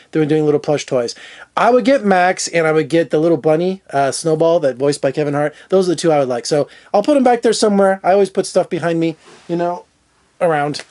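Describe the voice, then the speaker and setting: A man's voice: a little high, a little mellow. Rambling, chatty male film critic. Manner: rambling, chatty, full of asides. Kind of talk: casual video review.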